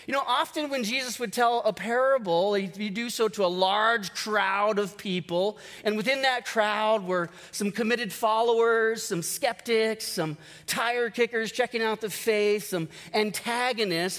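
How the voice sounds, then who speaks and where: A male pastor preaching a sermon, telling a parable with animated storytelling and acting out the characters. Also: very high-pitched. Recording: long hall reverb.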